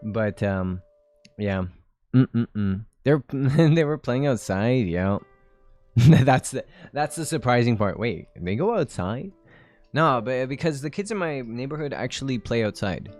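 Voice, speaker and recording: A man's voice: mid-range voice, animated, measured pace, darkish tone, no echo, faint music behind. A man in his twenties chatting casually on a live stream, rambling and laughing often.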